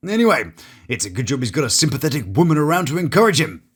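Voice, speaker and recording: A man from Britain reviews reality TV at a quick pace, his husky voice a little high and very animated. The scripted commentary, in British English, is sarcastic and jokey, punctuated by mock-theatrical asides.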